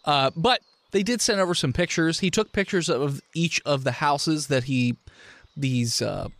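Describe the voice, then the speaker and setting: A man's voice: a little high, a little slow, fairly bright tone, dry recording. A man running a tabletop game, explaining the setup in a loose, rambling way. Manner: loose, rambling, with restarts and laughs. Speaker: game master. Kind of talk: narrating a tabletop game, casual chat.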